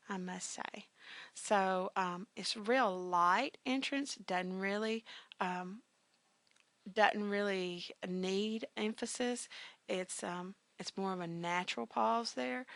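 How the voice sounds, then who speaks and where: Gravelly-voiced woman teaching grammar. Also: medium pitch, a bit bright, dry recording. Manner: conversational, with frequent fillers and emphatic "bam" asides. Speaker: business communications teacher. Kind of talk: recorded grammar lecture.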